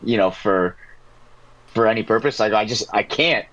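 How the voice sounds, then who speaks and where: A man's voice: on the low side, moderate pace, a bit bright, highs cut off. A man from New Jersey whose accent has faded, talking loosely as a podcast guest and telling stories with casual swearing. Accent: New Jersey, weakened. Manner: loose, laid-back storytelling with swearing. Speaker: guest, pro player.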